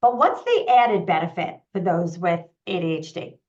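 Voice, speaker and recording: A woman's voice: lowish voice, darkish tone. Woman, host, live online chat, eager, upbeat, list-like delivery, slightly muffled lo-fi sound. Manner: upbeat, eager, lists things in quick runs. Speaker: host and parenting coach.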